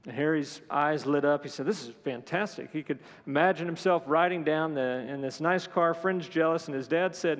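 A man's voice: a little high, normal speed, long reverb tail. A man preaching a sermon as pastor, earnest and mixing scripture with storytelling asides.

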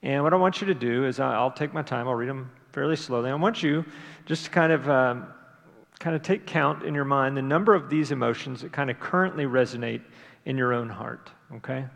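Gravelly pastor preaching in a reverberant church. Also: male voice, mid-range voice, fairly bright tone. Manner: conversational, unhurried, with frequent fillers and restarts. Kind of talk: sermon. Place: church sanctuary. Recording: long reverb of a large hall.

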